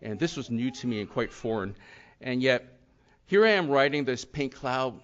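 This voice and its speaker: A man's voice: medium pitch, animated, moderate pace. A middle-aged man giving an earnest, rambling personal testimony at a recovery talk, full of "you know" and "and yet". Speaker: speaker sharing his recovery story. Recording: slightly dull lo-fi sound.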